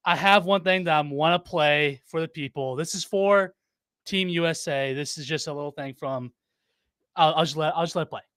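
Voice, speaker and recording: A man co-hosting a sports talk show, talking in an excited, cheering way. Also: a little high, moderate pace, clear, resonant tone, dry recording, studio quality.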